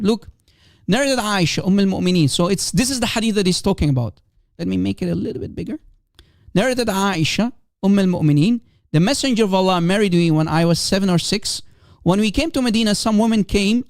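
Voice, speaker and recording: A religious debater whose first language is Arabic gives livestream commentary, mocking and scornful, laughing at his opponent and repeating his points emphatically to drive them home. His voice is high, and the studio-quality recording has no room sound.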